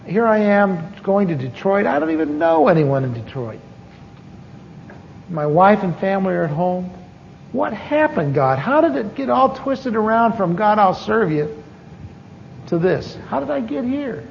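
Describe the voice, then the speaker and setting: High-pitched american pastor telling his testimony, halting, lots of restarts, muffled old tape in a big echoey church. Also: sing-song, gravelly, a little hiss or hum. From United States. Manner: storytelling, acting out dialogue with halting restarts. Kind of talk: sermon testimony. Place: church conference hall. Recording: muffled 1980s recording in a reverberant hall.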